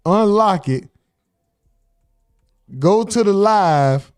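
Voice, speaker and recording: A man hosting a casual reaction commentary show, talking in an animated, joking and mocking way. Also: high-pitched, drawn-out words, clean tone, no echo, soft background music. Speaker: host.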